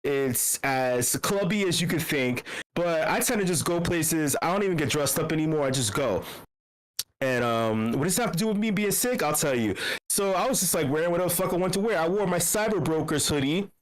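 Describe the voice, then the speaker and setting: Sick guy hosting a voice chat, swears a lot, laughs, rambles on, kinda high voice. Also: brisk, low-quality recording. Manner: profane, animated, laughs often. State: sick with a cough. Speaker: meetup host. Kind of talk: rambling casual storytelling. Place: voice channel.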